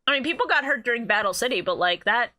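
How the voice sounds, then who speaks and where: A woman's voice: fairly high pitch, lively intonation, fast, bright, forceful tone. A young woman co-hosting a podcast in casual, profane chat, joking and laughing often. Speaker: podcast co-host.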